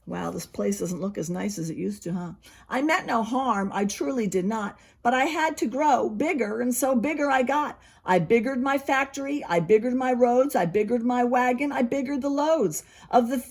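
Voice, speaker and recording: A preschool teacher reading a picture book aloud to young children, expressive and stopping to explain. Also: female voice, fairly high pitch, moderate pace.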